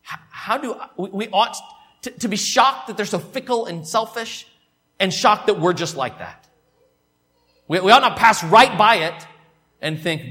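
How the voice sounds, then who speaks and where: Emphatic pastor preaching. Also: male voice, high voice, expressive, unhurried. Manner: emphatic, swings from loud to hushed, repeats words. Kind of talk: sermon. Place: church.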